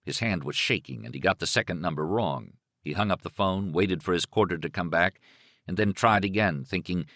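A man narrating a novel in an expressive, dramatic reading. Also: low-pitched, brisk, dry recording, studio quality. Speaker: audiobook narrator. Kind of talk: scripted narration.

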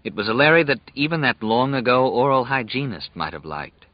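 A man reading an audiobook as narrator in a measured, even storytelling manner. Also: mid-range voice, no room sound, muffled recording. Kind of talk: scripted narration.

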